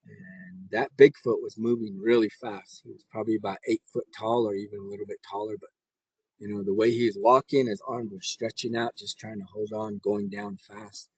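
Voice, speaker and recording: A man's voice: lowish voice, level tone, normal speed, a little mellow, breathy edge, no echo, lo-fi sound. A middle-aged man from the Navajo Nation, a scoutmaster telling his story in a rambling way, with restarts and acted-out quotes. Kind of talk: casual storytelling.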